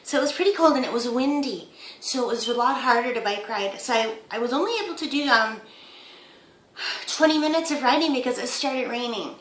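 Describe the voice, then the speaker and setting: A woman's voice: a little high, fairly quick, a bit bright, roomy sound, poor audio. A woman in her fifties chatting casually to camera at home as a vlogger, rambling through her week in an easy, talkative way. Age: 50s.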